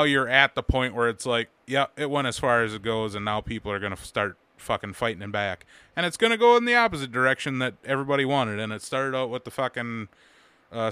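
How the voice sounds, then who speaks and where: Man, podcast host, bright voice, smooth and clear, dry close sound, opinionated swearing rant. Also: medium pitch, no echo. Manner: profane, opinionated ranting. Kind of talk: casual podcast chat.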